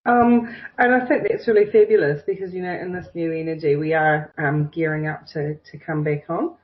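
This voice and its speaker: A woman's voice: low-pitched, steady tone, normal speed. Woman doing a spiritual reading on a video call, gushy and encouraging, kinda muffled lo-fi sound. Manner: effusive, encouraging, full of praise. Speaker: intuitive reader.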